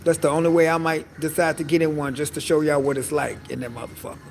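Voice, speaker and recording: Sassy, gravelly-voiced man vlogger. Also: on the high side, quick pace, poor audio. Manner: animated, sassy, swears freely and keeps saying "honey". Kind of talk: casual comedic monologue.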